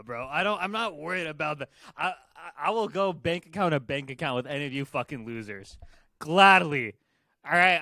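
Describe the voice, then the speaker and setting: A man's voice: fairly high pitch, a bit bright, no echo. A young man co-hosting a podcast, ranting with heavy profanity at online commenters. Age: young adult. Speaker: podcast co-host. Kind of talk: casual podcast rant.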